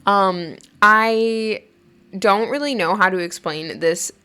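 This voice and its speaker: A woman's voice: mid-range voice, slow pace, bright, forceful tone, clear, resonant tone. A woman hosting her own podcast, telling a personal story in a chatty way, full of "like" fillers and laughing while she talks. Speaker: podcast host. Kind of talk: casual storytelling monologue.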